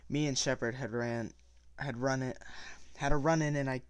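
A man's voice: medium pitch, fairly even intonation, normal speed, clear, resonant tone, no room sound, close to an everyday voice. A man voicing a tough, cocky teenage hoodlum who speaks offhandedly and laconically. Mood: offhand.

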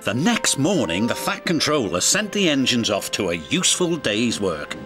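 A man's voice: mid-range voice, moderate pace. A man narrating a children's story in a scripted, storytelling way. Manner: warm storybook telling, lively and expressive. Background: background music.

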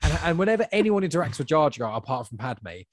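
A man chatting casually on a podcast, giving strong opinions with quick bursts of speech. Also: fairly high pitch, sing-song, no echo, studio quality. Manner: opinionated, spurts of fast talk. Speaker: podcast guest.

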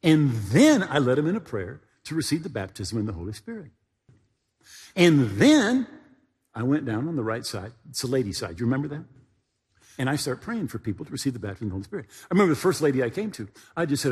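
A man's voice: mid-range voice, very animated, quick pace, darkish tone, husky, in a large hall. A male pastor telling a story in a sermon, folksy and anecdotal, often turning to ask the congregation questions.

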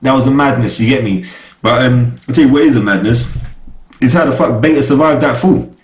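Young man, casual slangy reviewer, mid pitch, recorded in a roomy echoey space. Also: brisk. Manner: slangy, animated, keeps asking "you get me?". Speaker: TV show reviewer. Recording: echoey room.

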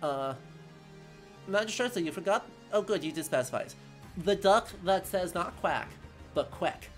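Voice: mid-range voice, animated, moderate pace, soft background music. Upbeat, chatty stream co-host. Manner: chatty, upbeat, plugs the channel, recaps the story. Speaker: co-host of a history gaming stream. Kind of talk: casual live-stream chat.

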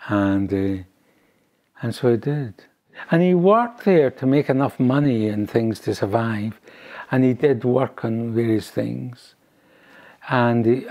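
An older man from Scotland telling a family story in an oral history interview, halting and rambling with frequent restarts. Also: mid-range voice, gravelly, darkish tone.

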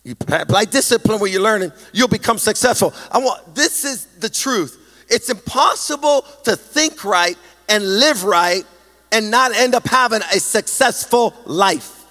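A man preaching a sermon as pastor, animated with a sing-song emphasis and self-deprecating humor, speaking into a stage microphone in a large church hall. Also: high-pitched, measured pace.

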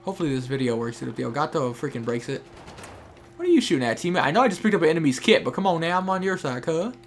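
A man's voice: on the high side, expressive, racing, slight background noise. Chatty young man commenting on gameplay. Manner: chatty, talks to teammates and viewers while playing. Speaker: gameplay streamer. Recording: faint game gunfire behind.

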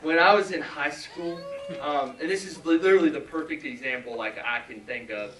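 Young male preacher, earnest and halting, bright forceful voice, recorded from a distance in a roomy church. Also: on the high side. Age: 20s. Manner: earnest, halting, with many restarts and asides. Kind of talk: sermon with personal story. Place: large church hall.

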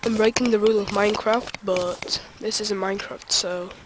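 A young adult gamer giving let's play commentary, excitable and talking to themself while playing. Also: mid-range voice, moderate pace, background noise. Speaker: gaming video creator.

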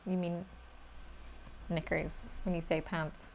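A woman with an Irish accent, playing a tabletop game on a live stream and chatting in a relaxed way. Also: lowish voice, takes it slowly, gravelly, slight background noise. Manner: relaxed and chatty, often laughing. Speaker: player. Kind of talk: casual chat while playing a tabletop game.

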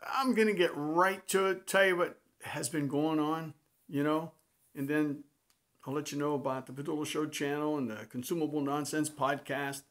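A man hosting a comedy show, telling jokes in a punchy, animated monologue. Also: a little high, moderate pace. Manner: animated, punchy joke delivery.

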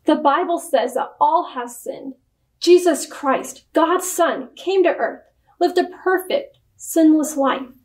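In a storybook reading, a woman plays an earnest young missionary man. He speaks calmly and earnestly, at an unhurried pace and a high pitch. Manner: calm and earnest.

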